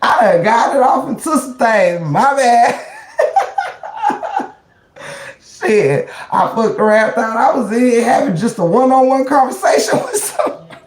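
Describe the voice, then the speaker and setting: A woman's voice: on the high side, lively intonation, unhurried, pauses often, echoey room, a little hiss or hum. A woman hosting a casual livestream, slangy and preachy, often exclaiming "child" and "Lord". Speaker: livestream host.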